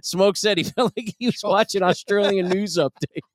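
A man hosting a podcast, loud and laughing, swearing often with mock exasperation. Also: high-pitched, moderate pace, dry recording. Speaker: podcast host. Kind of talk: crude casual banter.

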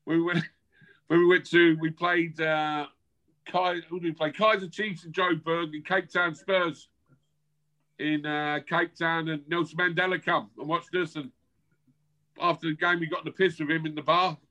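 A man's voice: a little high, little pitch movement, moderate pace, bright, forceful tone, rough recording. A man in his fifties from South London, speaking with a South London accent, chatting brashly as a guest over a video call, swearing and laughing. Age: 50s. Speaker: guest, former footballer. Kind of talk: casual chat.

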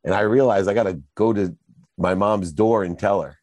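A man's voice: lowish voice, moderate pace, a little mellow, no room sound. A middle-aged man, a guest in an interview, telling his story emphatically.

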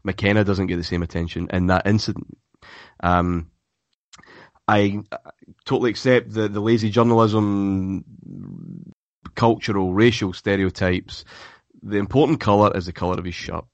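A man's voice: on the low side, fairly even intonation, normal speed, pauses often, no room sound, muffled recording. A man co-hosting a casual football chat podcast, often restarting his sentences and repeating words. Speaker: podcast co-host.

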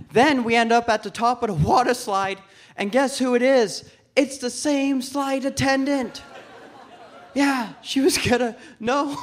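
A man's voice: very high-pitched, moderate pace, some chatter behind, slight background noise. A man doing stand-up comedy on stage, telling a story and acting out the other people's voices. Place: comedy club stage before a live audience.

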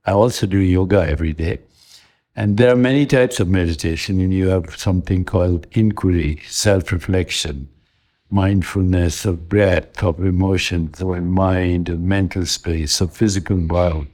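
A man in his seventies with a very low, deep voice, answering interview questions as a guest. He speaks in a calm, measured way and works through his points one at a time, listing each in turn. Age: 70s. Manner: measured, lists ideas one by one. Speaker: interview guest, wellness author.

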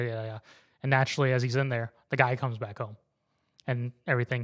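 A man co-hosting a casual podcast, recapping a story animatedly and acting out the characters' lines. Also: medium pitch. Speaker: co-host.

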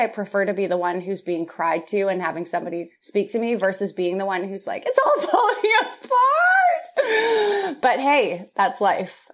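A woman hosting a podcast, talking openly and emotionally in casual chat, quick to laugh. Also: lowish voice. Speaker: podcast host. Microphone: remote video call.

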